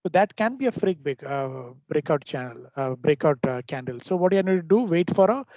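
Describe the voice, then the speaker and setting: A man with a fairly high voice walks through a trading lesson, stopping and restarting his sentences as he explains. The recording sounds dull and lo-fi, dry with no room around it. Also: very animated, warm tone, no echo. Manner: halting explanations with frequent restarts. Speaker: trading teacher. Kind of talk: screen-share trading lesson.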